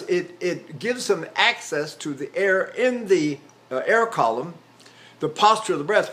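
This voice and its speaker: A man's voice: fairly high pitch, fairly bright tone. An older man, a trained tenor, giving a voice lecture, explaining technique and breaking into sung syllables and vowels, with fillers and restarts. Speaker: voice teacher. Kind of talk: vocal lecture with sung demonstrations.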